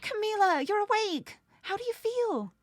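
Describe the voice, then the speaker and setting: A woman voicing a brave, earnest young woman in a video game, calm and reassuring. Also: very high voice, normal speed, pitched above the performer's own voice.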